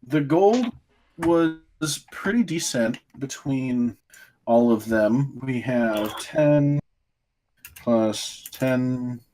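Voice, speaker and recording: Brief: unhurried male game master, mid-pitched, tallies numbers aloud with a relaxed pace. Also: a little hiss or hum. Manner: unhurried, counts things out, apologetic. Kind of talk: running a tabletop game.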